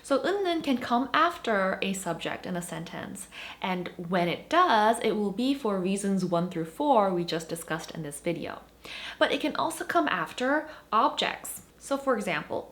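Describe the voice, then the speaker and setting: A woman teaching a language grammar lesson, explaining points with animated emphasis. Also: medium pitch, normal speed.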